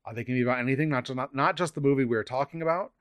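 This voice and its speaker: A man's voice: mid-range voice, rapid-fire, clear, resonant tone, dry recording. A tired man hosting a casual podcast, reading listener questions aloud. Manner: lively, reads listener questions, laughs often. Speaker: podcast host.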